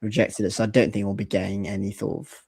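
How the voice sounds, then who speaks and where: A man co-hosting a casual football podcast who talks in a hesitant, measured way and often trails off mid-thought. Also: lowish voice, level tone, vocal fry, darkish tone, slightly rough, no room sound, clean studio sound. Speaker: podcast co-host.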